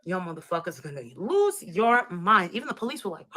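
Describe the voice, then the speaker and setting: A woman hosting a livestream, loud and demanding, swearing constantly as she rants at her viewers. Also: mid-range voice, very animated, a little fast, few pauses, recorded from a distance, rough recording. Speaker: livestream host. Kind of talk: profane livestream rant.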